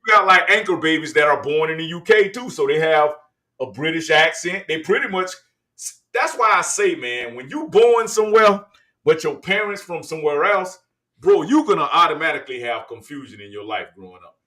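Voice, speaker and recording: A man hosting casual reaction commentary. He talks in an animated, slangy way and addresses the audience as "y'all.". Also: on the high side, normal speed. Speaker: podcast host.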